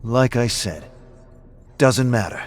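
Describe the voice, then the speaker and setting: A man voicing a brash, defensive drunk man who turns loud and clipped when pushed. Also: mid-range voice, expressive, slow pace, soft background music, pitched above the performer's own voice. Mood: dismissive. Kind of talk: audiobook-style story reading.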